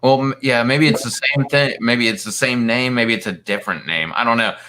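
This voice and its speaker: A man's voice: medium pitch, brisk, noisy background. A man in casual chat, retelling a long story in a rambling way, full of fillers and quoted voices. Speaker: co-host.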